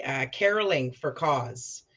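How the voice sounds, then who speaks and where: A woman co-hosting a talk show, retelling an encounter in a casual, animated way. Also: a bass voice, slow pace. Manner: animated retelling with quoted dialogue. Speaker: co-host. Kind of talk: casual chat, storytelling.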